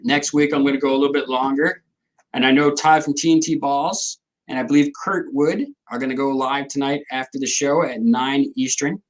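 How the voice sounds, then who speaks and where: A man's voice: medium pitch, steady tone, moderate pace, rough recording. A middle-aged man, hosting a casual livestream, rambling and joking as he answers viewers' comments. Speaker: livestream host.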